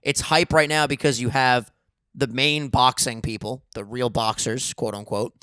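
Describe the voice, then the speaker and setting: A man's voice: medium pitch, steady tone, a bit bright, smooth, no room sound, clean studio sound. A man co-hosting a podcast, telling stories in a loose, profane, joking way. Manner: loose, profane storytelling with quick jokes. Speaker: podcast co-host. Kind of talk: casual podcast banter. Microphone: studio dynamic microphone.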